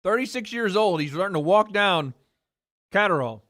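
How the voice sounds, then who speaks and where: A man's voice: high voice, expressive, normal speed, a bit bright. A man hosting a livestream watch party, talking loosely with chat, swearing and laughing as he reacts to the fights. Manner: loose, profane, laughing, chatting with viewers. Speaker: livestream host. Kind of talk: casual live reaction commentary.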